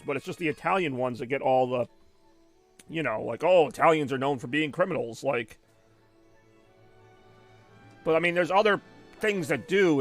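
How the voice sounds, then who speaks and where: A young man chatting casually and rambling while he plays a video game on a live stream. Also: mid-range voice. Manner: rambling, conversational, many fillers.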